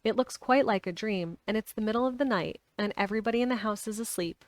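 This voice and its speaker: A stubborn, inquisitive young girl asks blunt, direct questions, read aloud by a woman. Her pitch rests in a middle range. The sound is dry and close. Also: quick pace, dry recording, lightly acted. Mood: curious.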